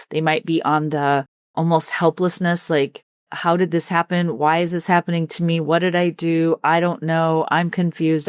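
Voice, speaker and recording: Low-voiced lady doing a coaching podcast, earnest and caring, slows way down on key bits, dry close sound. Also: no room sound. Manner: earnest, empathetic, slows down to stress points. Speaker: leadership coach and podcast host. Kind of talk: solo podcast coaching talk.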